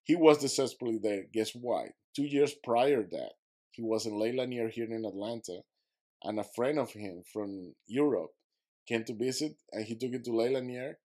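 Man, podcast guest, vivid storyteller, slightly broken English, mid-pitched voice. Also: moderate pace, warm tone. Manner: vivid storyteller, acting out his own quotes.

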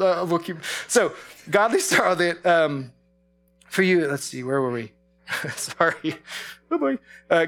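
A man's voice: fairly high pitch, a bit bright. A man leading a Bible study, preaching in a casual, chatty way, laughing often and restarting his sentences. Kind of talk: sermon.

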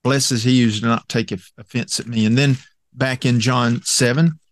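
A man's voice: medium pitch, steady tone, normal speed, no room sound, studio quality. A man teaching a Bible study lesson in a conversational way, with many fillers and restarts as he quotes scripture.

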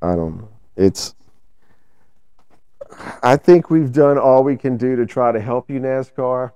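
A man's voice: mid-range voice, unhurried, warm tone, clear, resonant tone, no echo, lo-fi sound. A man co-hosting a casual podcast, telling loose, rambling stories with some swearing. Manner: loose, laid-back storytelling with profanity. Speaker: podcast co-host. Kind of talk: casual banter.

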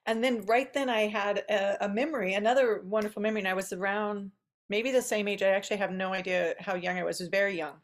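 A woman's voice: medium pitch, steady tone, fast talker. A woman hosting a podcast, telling a childhood story in casual chat, chatty and given to laughing and trailing asides. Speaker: podcast host.

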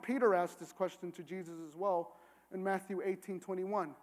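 A man with a very high speaking voice preaches a sermon in an earnest tone, pressing his points until he is nearly shouting. His words ring out with a long reverb, as in a large church hall. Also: fairly even intonation, normal speed. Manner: earnest, builds to emphatic near-shouting. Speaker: pastor.

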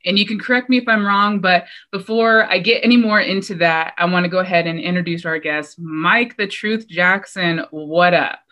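A woman's voice: on the low side, moderate pace, hardly any pauses, highs cut off. A woman hosting a podcast, talking energetically and casually, with slang and blunt swearing. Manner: energetic, slangy, says "y'all"; fighter speaking plainly, swears freely. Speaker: podcast host.

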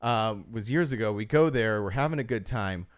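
With a lowish voice and lively intonation, this man talks a little fast. On the podcast he co-hosts, he chats casually as a rambling storyteller whose long tales are full of fillers and frequent "like"s.

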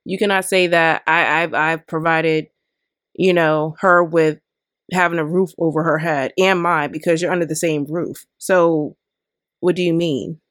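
A woman's voice: deep voice, steady tone, measured pace, fairly bright tone, dry recording, studio quality. A woman hosting a podcast, delivering an opinionated commentary rant full of exasperated rhetorical questions. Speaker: podcast host.

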